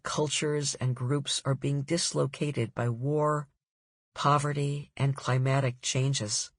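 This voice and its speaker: A woman author reading her own nonfiction audiobook in a measured, deliberate way. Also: very deep voice, dry recording, clean studio sound.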